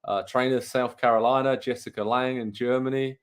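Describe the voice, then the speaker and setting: A man's voice: medium pitch, fairly even intonation, brisk. A man from England co-hosting a live online match watchalong, chatting casually, calling the play and reading out viewer comments. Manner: chatty, reads out viewer comments, calls the action. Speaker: co-host of a live watchalong show.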